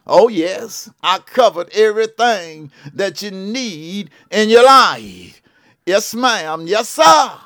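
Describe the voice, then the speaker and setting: Taking it slowly, a televangelist prophet in his seventies speaks in a high, expressive, fairly bright voice. He's from Georgia with a Southern accent and makes a fervent appeal from a broadcast studio, preachy and repetitive, saying "what I'm saying" and calling out "yes ma'am, yes sir."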